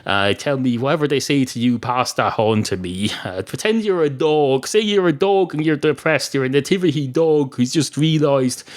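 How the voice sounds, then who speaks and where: Depressed male dog, whiny and fretful, pitched up high, put on by a man. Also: animated, moderate pace, few pauses, lightly acted. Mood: glum. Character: depressed male nativity dog, self-pitying.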